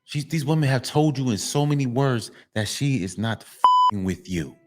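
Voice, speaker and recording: A man delivers a blunt, lecturing monologue to men, hammering the same points again and again and swearing freely. His voice sits at an ordinary middle pitch. Faint music plays softly behind him. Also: expressive, moderate pace. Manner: emphatic and repetitive, lecturing; profane, blunt. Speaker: commentary channel host.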